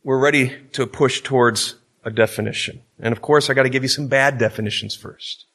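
A man's voice: medium pitch, fairly even intonation, brisk, fairly bright tone. Emphatic man teaching a Bible class. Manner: conversational and emphatic, checking in with "okay?".

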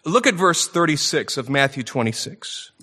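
Bright-voiced man preaching with emphatic peaks. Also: fairly high pitch, very animated. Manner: preaches with rising emphatic peaks and dramatic pauses. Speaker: pastor. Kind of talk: expository sermon.

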